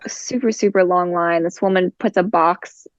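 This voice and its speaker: A woman with a gravelly, fry-laden voice talks through a personal story in a relaxed, chatty way, leaning on fillers as she goes. The sound is dry and close, and the recording is a little dull and lo-fi. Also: on the low side, normal speed, no room sound. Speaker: guest. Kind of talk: casual storytelling in conversation.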